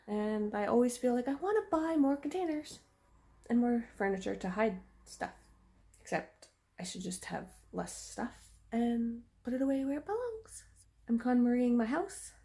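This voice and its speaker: A woman's voice: a little high, animated, moderate pace, warm tone, roomy sound. A woman chatting casually to viewers while she cleans and tidies her bedroom, self-mocking and talking straight to the camera. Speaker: home cleaning vlogger. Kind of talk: casual vlog narration while tidying. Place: bedroom at home.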